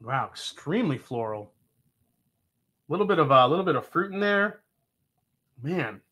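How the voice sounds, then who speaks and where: A man's voice: a little high, very animated, moderate pace, sharp tone. A man hosting a live whiskey-tasting stream, joking, swearing and reading out viewer comments. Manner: jokey and profane, reading chat comments aloud. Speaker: show host.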